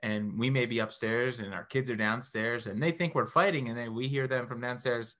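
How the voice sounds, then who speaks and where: A man's voice: mid-range voice, normal speed, fairly bright tone. A man co-hosting a casual couples podcast with his wife, mostly adding short remarks and laughing along. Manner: brief interjections, laughs along. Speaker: podcast co-host.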